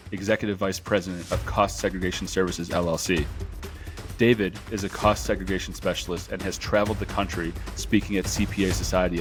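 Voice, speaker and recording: A male podcast host from Chicago who chats casually, laughs often and rambles through his questions. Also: on the low side. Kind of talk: casual interview hosting.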